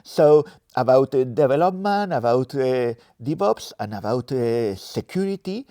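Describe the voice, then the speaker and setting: Brief: Spanish man, Spanish-French accent, warm mellow tone, dry close sound, easygoing guest. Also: mid-range voice, measured pace, no echo. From Spain. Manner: relaxed, self-deprecating, searching for words. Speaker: interview guest, developer advocate. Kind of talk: casual interview answers. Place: conference venue in a cinema.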